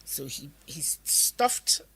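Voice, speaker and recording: A woman's voice: drawn-out words, sharp tone, in a whisper. A middle-aged woman with a Nigerian accent, recounting a personal story as an interview guest and acting out what others said. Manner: vivid retelling that acts out others' words.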